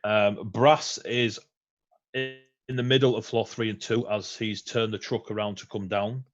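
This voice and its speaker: A man narrating a tabletop game as game master, relaxed and chatty, with frequent ums and laughs. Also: lowish voice, unhurried, dull audio, faint music behind. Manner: relaxed, laughing often, many ums and uhs.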